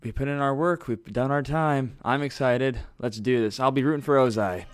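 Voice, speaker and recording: A man's voice: medium pitch, moderate pace, clean tone, dry recording, clean studio sound, soft background music. A man co-hosting a casual podcast chat, laid-back and joking. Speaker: podcast co-host.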